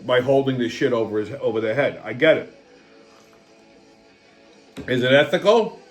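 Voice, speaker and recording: A man's voice: mid-range voice, expressive, moderate pace, faint music behind. Profane, ranting male commentary host. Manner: profane, ranting, repeats himself. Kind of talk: political rant, casual commentary.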